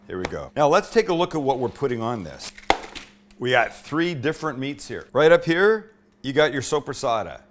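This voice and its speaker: Man, cooking show host, casual and joking, home kitchen, average pitch, slight background hiss. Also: sing-song, normal speed. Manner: joking, irreverent, chatty.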